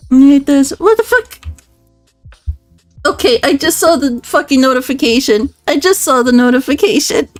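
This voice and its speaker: A high-pitched woman streaming live, chatting with her viewers in a giggly, flustered way and swearing freely. She is close on a dry, close mic with no room sound, and soft music plays faintly underneath. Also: no echo.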